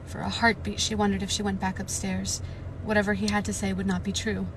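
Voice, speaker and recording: A woman on a live stream, reading a novel aloud and breaking into loud, panicked reactions and swearing, from inside a car. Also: mid-range voice, little pitch movement, fairly quick, noisy background.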